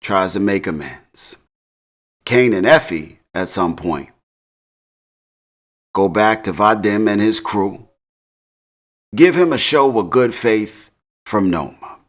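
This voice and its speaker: A man's voice: lowish voice, lively intonation, slow, pauses often. A man casually recapping a TV episode in slang, laughing often. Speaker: TV recap host.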